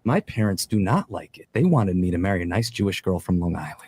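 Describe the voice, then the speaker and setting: Man, podcast guest, self-assured, animated pitch, casual talk. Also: quick pace, slightly rough, no echo, studio quality.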